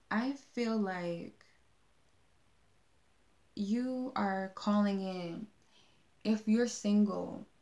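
A woman's voice: mid-range voice, darkish tone. A woman giving a casual tarot card reading, talking in a meandering way with many fillers and restarts. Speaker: tarot reader.

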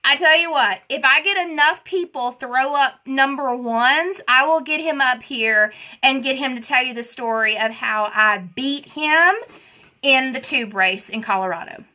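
A woman's voice: high voice, measured pace, sharp tone. A woman chatting casually on a livestream, greeting viewers by name and giggling as she tells a story. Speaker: livestream host. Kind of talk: casual live chat while doing makeup.

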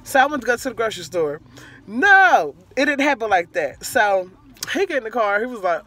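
A woman's voice: on the high side, sing-song, a little fast, pushed and bright. A young woman vlogger telling a rambling, profane storytime rant, drifting off track and back. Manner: rambling, profane, easily sidetracked.

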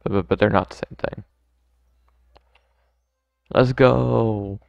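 Laid-back male gamer, low gravelly voice, dull dry mic, slow joking commentary. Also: steady tone, dry recording. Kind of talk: let's play commentary.

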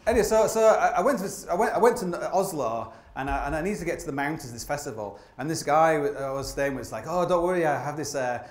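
A man's voice: on the high side, lively intonation, fast talker, few pauses, echoey room. A man telling stories to a live theatre audience, self-deprecating and full of restarts. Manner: rambling, self-deprecating, many restarts and laughs. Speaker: climber telling stories on stage. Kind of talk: live comedic storytelling talk. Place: theatre stage before an audience.

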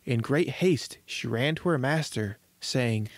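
A man hosting a children's story podcast, reading fairy tales aloud in a measured, gentle way. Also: mid-range voice, no echo. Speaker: storyteller host. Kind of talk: scripted storybook narration.

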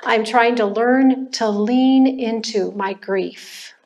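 An older woman giving a personal testimony at a church class, speaking in a slow, reflective way with pauses and restarts. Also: a little high, a little mellow. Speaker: church member sharing testimony.

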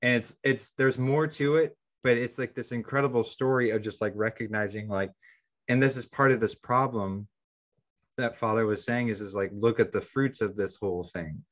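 A man's voice: mid-range voice, steady tone, moderate pace. A man co-hosting a podcast, retelling a story in a casual, rambling way with lots of ums and restarts. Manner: rambling, heavy on fillers and restarts. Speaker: podcast co-host.

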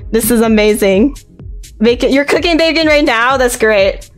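Playful, excited woman streamer. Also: on the high side, moderate pace, soft background music. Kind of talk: casual live-stream chat.

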